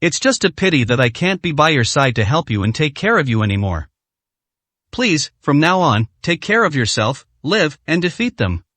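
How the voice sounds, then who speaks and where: A tender young woman on the brink of death, as a male narrator reads her, pleading softly and faltering. The voice sits a little high and sounds dry and close, with no room around it. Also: sing-song, moderate pace, no echo. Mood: tender farewell.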